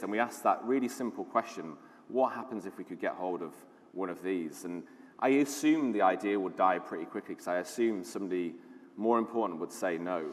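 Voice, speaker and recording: A low-voiced British man, the lead designer, gives a conference talk with hall reverb around him. He tells stories with enthusiasm, chatty and keen, in a conversational style full of fillers.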